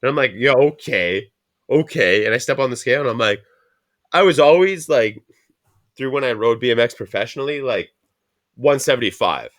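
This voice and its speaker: A Canadian man hosting a podcast tells a rambling, animated story, swearing constantly as he goes. His voice sits at medium pitch and moves fairly quickly, broken by long pauses, all in a casual, profane storytelling mode.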